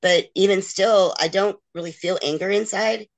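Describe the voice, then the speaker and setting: A woman's voice: mid-range voice, moderate pace, vocal fry. Middle-aged woman guest, candid and emotional, acts out others' words as she tells her story. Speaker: interview guest.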